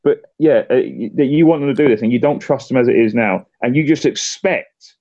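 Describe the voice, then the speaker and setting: A man's voice: medium pitch, dark tone, no echo. A man talking politics in a loose, casual way, tripping over his openings and repeating words before his point lands. The sound is dry and dull, with a lo-fi, muffled edge. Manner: halting, repeats words when starting sentences. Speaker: political candidate.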